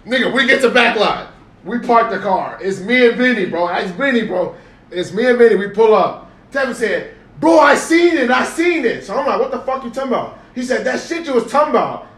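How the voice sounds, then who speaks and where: An animated young man, telling a story to friends with swearing and constant emphatic repetition. He sits back from the mic in an echoey room with faint noise behind him. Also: high voice, a little fast, recorded from a distance. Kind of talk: casual storytelling among friends.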